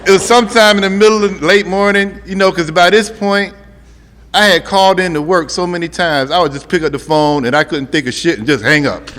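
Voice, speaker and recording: A man's voice: sits high, fairly quick, fairly bright tone. A middle-aged man telling his recovery story to an audience, conversational and humorous, talking straight to the crowd. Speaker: speaker sharing a recovery story. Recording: long hall reverb, faint ambient noise.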